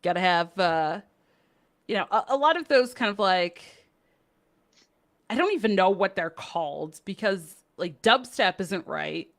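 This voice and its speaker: A woman's voice: mid-range voice, animated, unhurried, pauses often, a bit bright. A woman co-hosting a card game podcast in casual chat, upbeat and chatty with frequent laughs. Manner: upbeat and chatty, laughs often, many fillers. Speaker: podcast co-host.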